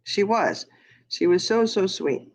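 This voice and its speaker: A woman's voice: medium pitch, expressive, slow. A woman telling a long story in casual chat, laughing often and saying "you know" a lot. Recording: dull lo-fi sound.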